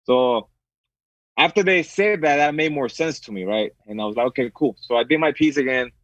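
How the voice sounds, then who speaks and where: A man's voice: medium pitch, brisk, dry recording, lo-fi sound. A man being interviewed as an actor guest, telling a story casually with lots of restarts and fillers.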